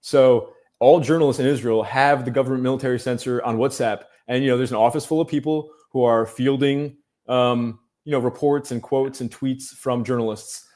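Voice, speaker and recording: A man speaks at an ordinary middle pitch as a podcast guest. He tells his story at length, dropping in "um"s and "you know"s and restarting sentences as he goes. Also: fairly even intonation, moderate pace, few pauses, a little mellow. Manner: storytelling, many fillers and restarts. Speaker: guest journalist. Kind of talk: casual podcast interview.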